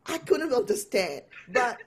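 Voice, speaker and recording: A woman guest and empowerment coach, telling personal stories with animated delivery and frequent laughter. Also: on the high side, measured pace. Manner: animated storytelling, laughs often. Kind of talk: storytelling in an interview.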